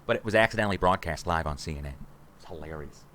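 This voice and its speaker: A man in his forties hosting a rambling livestream from a room at home, excitable and conspiratorial, talking to viewers as guys. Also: sits low, fast. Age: 40s. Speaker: livestream host.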